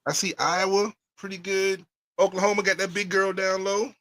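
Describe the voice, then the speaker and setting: A man's voice: high voice, level tone, normal speed, pushed and bright. A man co-hosting a podcast, chatting about sports in laid-back, chuckling banter. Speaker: podcast co-host. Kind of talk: casual sports chat.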